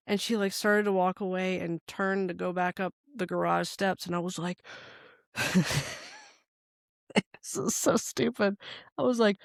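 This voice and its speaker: A woman's voice: medium pitch, steady tone, unhurried, vocal fry, pauses often, no echo, clean studio sound. A woman in her forties, a podcast co-host in casual chat, telling a story with lots of swearing and rambling asides. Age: 40s.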